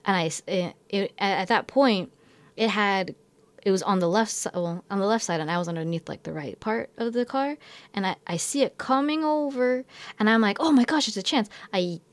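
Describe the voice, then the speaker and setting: A woman's voice: medium pitch, normal speed. A young woman who teaches in Japan, telling a story in a casual vlog, rambling and filling her talk with "like" and self-corrections.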